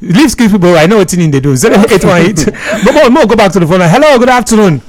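High-voiced Nigerian radio host. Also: male voice, animated, fast, no room sound. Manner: chatty, questioning callers. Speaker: radio sports show host. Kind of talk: casual call-in chat in Nigerian Pidgin and English.

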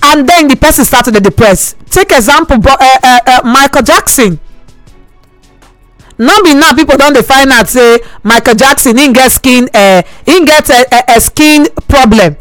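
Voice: sits high, normal speed, fairly bright tone, dry recording, soft background music, rough recording. A radio presenter with a Nigerian accent, giving a preachy, pleading talk monologue on air and mixing Pidgin with English.

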